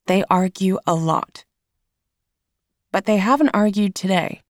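A woman narrating a storybook in the first person, in a slow, measured reading. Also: medium pitch, no room sound, clean studio sound. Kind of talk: scripted audiobook narration.

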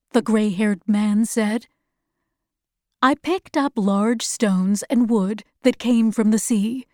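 A woman narrating a story in a measured, even way. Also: medium pitch, no echo, clean studio sound.

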